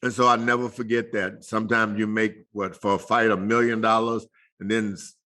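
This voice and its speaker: Older male guest, folksy chuckling storyteller, bright forceful tone. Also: on the low side, little pitch movement, normal speed. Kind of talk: casual storytelling interview.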